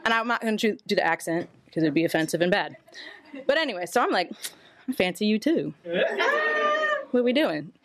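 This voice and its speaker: A woman's voice: mid-range voice, expressive, fairly quick, pauses often. A woman telling a candid personal story to a podcast audience, casually and laughing as she goes. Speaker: storyteller guest.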